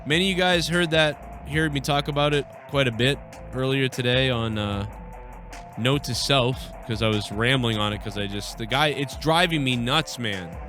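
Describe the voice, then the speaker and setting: A man's voice: medium pitch, moderate pace, over music. A man hosting a live podcast stream, ranting casually and with lots of swearing, acting out people he quotes with a raised voice. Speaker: podcast host.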